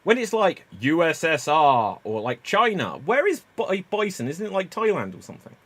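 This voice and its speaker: A man hosts a live improv stream and explains the games briskly. He keeps the tone upbeat. His voice sits a little high. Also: wildly swooping pitch, a bit bright, no echo. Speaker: improv show host.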